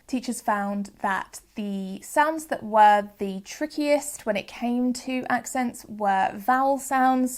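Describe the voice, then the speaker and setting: A young woman from the UK hosting a phonics lesson, explaining patiently and sounding out examples slowly and clearly. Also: on the high side. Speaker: phonics teacher and channel host. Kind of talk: educational video lesson.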